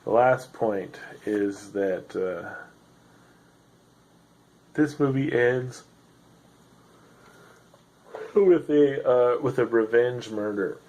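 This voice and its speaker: A man's voice: medium pitch, slow, pauses often, a little mellow, low-quality recording. A man hosting a solo podcast, rambling in a sardonic, self-deprecating way with lots of fillers, sounding tired. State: tired, yawning. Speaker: podcast host.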